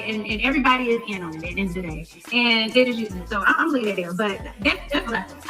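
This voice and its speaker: A woman podcaster telling a story in a casual rant, animated, acting out the lines of the people she quotes. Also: high voice, low-quality recording. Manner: animated, acts out quoted dialogue. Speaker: podcast host.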